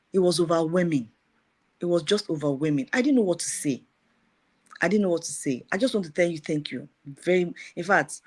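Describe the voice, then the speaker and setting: A middle-aged woman with a fairly low voice gives a personal testimony, retelling events in a lively way and repeating phrases.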